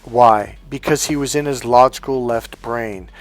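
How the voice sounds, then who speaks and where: A man's voice: medium pitch, measured pace, no room sound, faint music behind. Profane, fired-up male dating coach. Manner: profane, emphatic rant. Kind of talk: monologue to camera.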